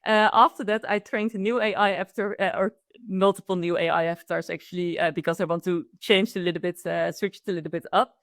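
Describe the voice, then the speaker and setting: Interviewed as a guest, a Dutch-accented AI consultant speaks fast in a fairly low, steady voice, full of enthusiasm and frequent restarts mid-sentence. The recording is studio quality with no echo, keeping the conversational exchange clear.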